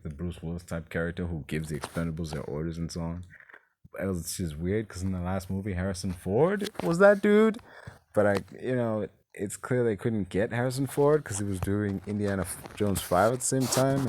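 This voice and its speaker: Low-voiced man ranting about a film. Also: a little mellow, a little hiss or hum. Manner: exasperated, swears, loose and rambling. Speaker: film reviewer. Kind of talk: casual ranting film review.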